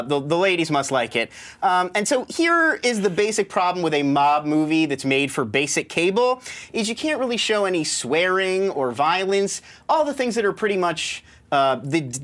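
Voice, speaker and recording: A man's voice: on the high side, a bit bright. Sarcastic joking male movie reviewer. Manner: sarcastic, joking, quick asides. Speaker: show host reviewing movies. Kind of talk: casual comedic movie review.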